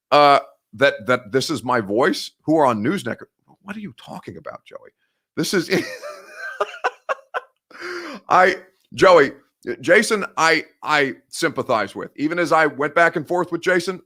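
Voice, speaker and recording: A man's voice: mid-range voice, sharp tone. Male sports talk host, young, Midwestern accent, mid-range voice; heated, sarcastic, profane. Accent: Midwestern American. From Indiana. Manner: heated, sarcastic, swears freely. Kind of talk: sports talk show rant.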